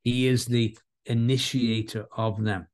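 A man preaching an expository Bible sermon, earnest and deliberate, repeating key words and slowing down for emphasis. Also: medium pitch, little pitch movement, a little mellow.

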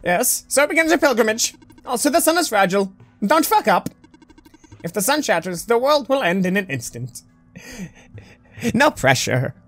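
A woman's voice: on the high side, big pitch swings, moderate pace, pauses often, fairly bright tone, soft background music, voice pushed up. A woman putting on a grand, solemn robot voice. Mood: explaining. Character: eager, formal robot who greets a savior.

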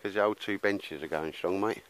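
An outdoor gear vlogger with a low but fairly bright voice talks at a moderate pace to a handheld camera in the woods, blokey and rambling, calling people mate.

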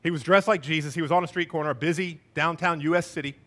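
A middle-aged male pastor preaching a sermon in a church sanctuary. His voice sits a little high, and he talks with animation, slipping into other voices with big jumps in pitch. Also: fast. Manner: animated, acts out quoted voices with wide swings in pitch.

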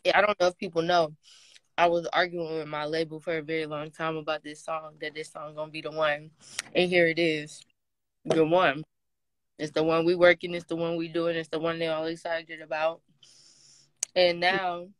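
A woman chatting on a phone live stream in a relaxed, drawling way with casual slang. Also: low-pitched, normal speed, no echo. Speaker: Instagram live guest. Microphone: phone camera.

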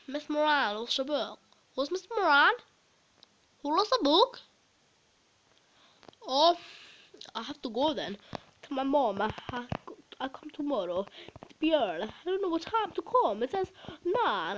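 A woman's voice: sits high, a bit bright, slight background noise, pitched above the performer's own voice. A woman voicing a confused new schoolboy who stammers and trails off in a game role-play.

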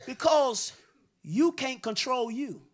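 A male pastor preaching a sermon, building into shouts and sing-song cadences, with call-and-response lines to the congregation. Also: very high voice, expressive, slow.

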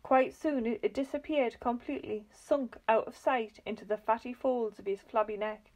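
A woman reading a children's book aloud in a lively, expressive storytelling manner. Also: a little high, normal speed, poor audio.

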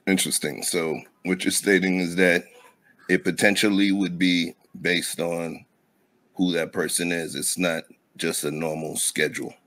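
A man's voice: low-pitched, flat delivery, a little slow, a bit bright. A man hosting a casual interview chat, teasing and playful, laughing often. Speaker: host.

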